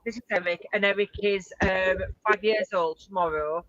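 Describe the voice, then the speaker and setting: A woman's voice: mid-range voice, steady tone, normal speed, fairly bright tone, no room sound. Chatty woman on a dull, dry call line. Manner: chatty, breezy, calls her dogs mid-sentence. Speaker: dog owner asking a question. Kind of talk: casual chat on a live call.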